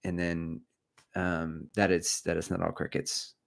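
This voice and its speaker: A middle-aged man hosts a running livestream, rambling casually, cracking jokes, and reading out viewers' chat comments. His voice is low and creaky with little pitch movement, at a measured pace.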